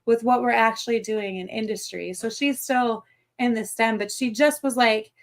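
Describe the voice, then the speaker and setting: A woman with a Midwestern American accent hosting a podcast, chatting in an excited, rambling way and correcting herself as she goes. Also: fairly high pitch, moderate pace. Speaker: podcast host. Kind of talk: casual chat.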